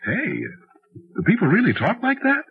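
An actor playing a flustered, folksy young time traveler who tells his story haltingly in an old radio drama. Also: high-pitched, wildly swooping pitch, heavily acted. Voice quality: folksy, halting, full of uhs and gee. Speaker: time traveler narrating his own tale. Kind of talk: 1940s radio acting. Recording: tinny old radio broadcast with music.

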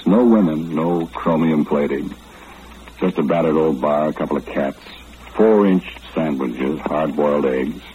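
An actor in an old-time radio drama playing an easygoing working man who tells his story in a folksy, relaxed way. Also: a bass voice, exaggerated voice. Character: easygoing middle-aged working man narrating his tale. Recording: dull lo-fi old radio recording with hiss.

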